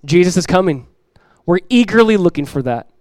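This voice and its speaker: A middle-aged man preaching a sermon as pastor to his church, earnest and direct, repeating key lines and acting out everyday voices with lively emphasis. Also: sits high, fairly quick, no room sound, low-quality recording. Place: church sanctuary.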